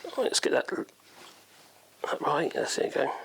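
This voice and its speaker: Taking his time, a man with a slightly bright voice and a Norfolk accent gives a chatty woodworking demonstration in his workshop. He rambles and thinks aloud throughout, and he hails from Norfolk, England.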